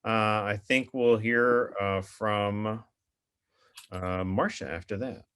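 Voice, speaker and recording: A man's voice: fairly low pitch, takes it slowly, a bit bright, clean tone. A man moderating an interview over a video call, talking in a loose, chatty way with plenty of fillers.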